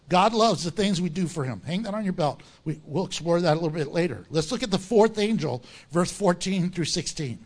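A man, a pastor, preaching a sermon in a jokey way and acting out voices of the people he quotes. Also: high voice.

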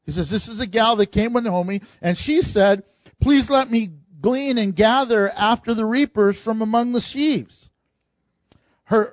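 A man's voice: high-pitched, dry recording. A man preaching a sermon in a conversational way, chuckling now and then as he explains scripture to his congregation. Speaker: pastor. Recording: dull lo-fi dry recording.

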